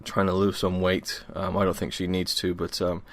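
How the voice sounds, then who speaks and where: A man's voice: low voice, monotone, normal speed, fairly bright tone. A young man from Wales, hosting a casual solo podcast at home, rambling and self-deprecating with many ums, tired after a workout. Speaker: podcast host.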